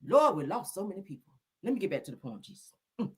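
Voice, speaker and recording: A celebrity gossip show host delivers a casual, comedic monologue in a medium-pitched, husky, slightly mellow woman's voice that is very animated and quick. Sassy and melodramatic, she keeps calling her listeners child, honey and girl, and she calls on the Lord and Jesus.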